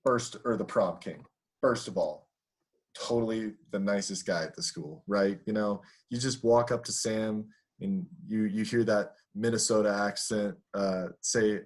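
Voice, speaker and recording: A man's voice: lowish voice, fairly even intonation, unhurried. A young man hosting a casual podcast, talking with many fillers and restarts. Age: young adult. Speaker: podcast host.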